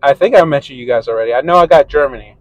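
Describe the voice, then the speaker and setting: A man's voice: medium pitch, racing, no echo, dull audio. A man hosting a casual podcast monologue, telling a story in a rambling, profane way. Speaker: podcast host.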